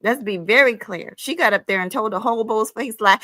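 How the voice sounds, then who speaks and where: A woman's voice: a little high, fairly quick, few pauses, sharp tone, no echo. A woman hosting her own livestream, ranting heatedly in a sassy, profane, scolding way, calling listeners honey and child. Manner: emphatic, with frequent "honey" and "child". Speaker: livestream host.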